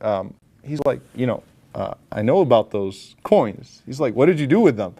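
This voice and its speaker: A man giving a casual religious lecture, telling a story with animated voices for the people in it and dropping in Arabic phrases. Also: on the high side. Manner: casual and lively, acts out quoted lines, mixes in Arabic phrases.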